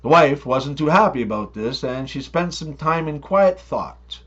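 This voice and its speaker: Guy rattling off jokes, high bouncy voice, bright tone, kinda dull lo-fi sound. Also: unhurried, slightly rough. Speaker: comedy joke teller. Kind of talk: scripted joke monologue.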